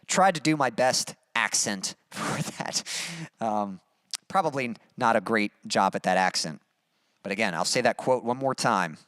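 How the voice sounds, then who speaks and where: A man's voice: medium pitch, animated, normal speed, a bit bright. A young man hosts a casual livestream in an upbeat, chatty way, reading viewer comments as he goes. His voice sits in a middle range. The sound is close and dry, with no room echo. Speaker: livestream host and musician.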